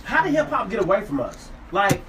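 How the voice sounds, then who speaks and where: A man's voice: sits high, very animated, fairly quick, a bit bright, distant mic. A man hosting a show, interviewing his guest in an eager, casual way with frequent agreeing interjections. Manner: eager, apologetic, lots of "right" and "yeah" backchannels. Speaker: radio show host. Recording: noisy room, voice a bit off-mic.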